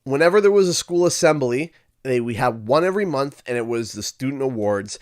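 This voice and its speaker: Animated man telling a story. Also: mid-range voice, fairly quick. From Canada. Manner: animated, acts out quoted voices. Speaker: livestream host. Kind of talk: casual storytelling.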